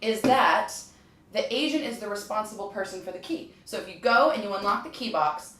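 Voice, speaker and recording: A woman real estate agent chatting casually, telling anecdotes with quick asides. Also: mid-range voice, a bit bright. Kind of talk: casual chat. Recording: roomy echo, distant mic.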